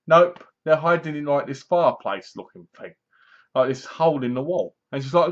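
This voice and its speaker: A man tells the plot of a horror film in an animated, chatty way, slipping into the characters' voices as he goes. His voice sits a little high for a man. The recording sounds dull and lo-fi. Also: normal speed. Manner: animated, acts out characters' lines, laughs at his own jokes. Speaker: movie reviewer. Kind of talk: casual film recap.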